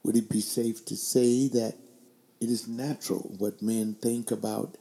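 An older male webcast host with a warm, mellow, somewhat low and creaky voice speaks in a level, unhurried tone, firing off one rhetorical question after another as he offers opinion commentary to his audience. The room is echoey, and his desk microphone is later moved further back.

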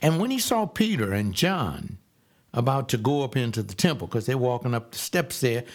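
A male preacher delivering a sermon in a folksy, emphatic way, slowing down to stress key phrases. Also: medium pitch, big pitch swings.

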